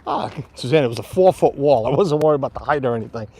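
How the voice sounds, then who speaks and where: A man's voice: mid-range voice, animated, quick pace, a little mellow, husky. A man live-streaming a walking tour outdoors, chatting to his viewers as he goes. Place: outdoors on a quiet street and mansion grounds. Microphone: phone or camera on a tripod.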